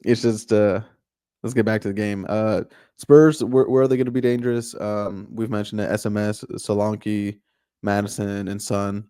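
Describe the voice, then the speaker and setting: A man's voice: fairly low pitch, level tone, normal speed, warm tone, clear, resonant tone, no echo, studio quality. A man co-hosting a podcast, chatting casually about football in a jokey, rambling way. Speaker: podcast co-host.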